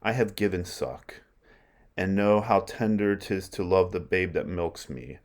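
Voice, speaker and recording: Ruthless noblewoman, scornful, goading, slow deliberate reading, a man reading her part, lowish voice.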